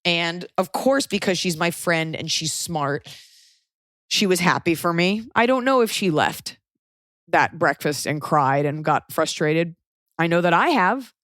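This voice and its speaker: A woman's voice: fairly low pitch, measured pace, dry recording, clean studio sound. A woman podcast host giving blunt, frank advice in casual chat, swearing freely and acting out quoted people. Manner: blunt, swears, animated quoting.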